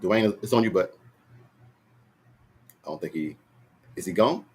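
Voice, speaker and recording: A man hosts a relaxed online football talk show. His voice sits very low with a husky grain, and he keeps things loose, joking and calling on each guest by turn. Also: unhurried. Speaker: show host. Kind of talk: casual panel chat.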